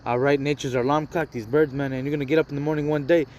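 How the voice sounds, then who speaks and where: A man preaches informally, reading scripture aloud and riffing on it in loose, repetitive street talk. His voice sits a little high. Faint outdoor traffic hums behind him. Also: steady tone, fast talker, a little mellow. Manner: casual, repeats "man" and "all right" constantly.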